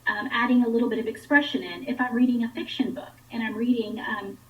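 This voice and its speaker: A woman's voice: fairly high pitch, fairly even intonation, quick pace, echoey room, far from the mic, muffled recording. A woman instructional coach patiently explaining reading skills to parents. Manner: patient, clear teacherly explaining.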